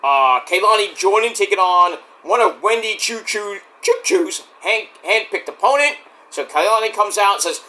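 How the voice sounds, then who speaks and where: A man giving a casual solo review of a wrestling show, excitable and profane, breaking into rants. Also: high voice, moderate pace.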